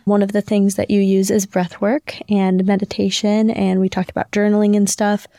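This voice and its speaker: Woman podcast host, even steady delivery, dry sound. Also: medium pitch, moderate pace, no room sound. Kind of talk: interview questions.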